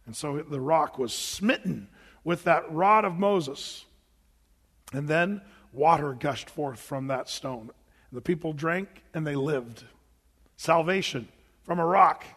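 Male pastor, high voice, sermon in a church with long reverb, dramatic retelling. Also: takes it slowly, a bit bright, slightly rough. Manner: rhetorical questions and dramatized retellings.

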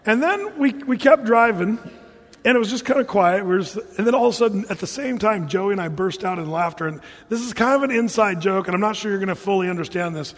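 Middle-aged male pastor, high-pitched and animated, preaching in a hall with a long echo. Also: quick pace. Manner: storytelling, animated, bursts into loud exclamations. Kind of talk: sermon. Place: church hall. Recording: church hall reverb.

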